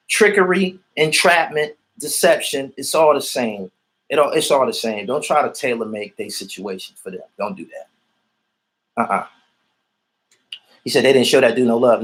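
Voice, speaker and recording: A man's voice: medium pitch, poor audio. A man from Erie, ranting bluntly and profanely in a livestream while reacting to viewer comments. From Erie, Pennsylvania. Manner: blunt, repetitive, profane street talk. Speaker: vlogger reading viewer comments.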